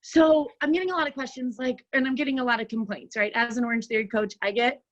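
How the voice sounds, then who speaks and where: Peppy high-voiced woman coaching a video call. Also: fairly even intonation, fast, highs cut off. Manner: peppy, chatty, says "like" and "right?" a lot. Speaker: fitness coach speaking at a virtual brunch. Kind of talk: upbeat motivational talk.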